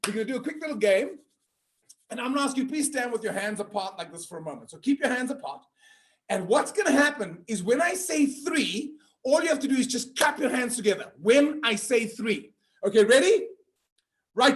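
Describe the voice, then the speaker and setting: A man's voice: extremely high pitch, fairly bright tone, breathy edge. A man hosting a virtual conference, upbeat and playful, teasing the audience and reading out names. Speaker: conference host. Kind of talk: energetic virtual event hosting.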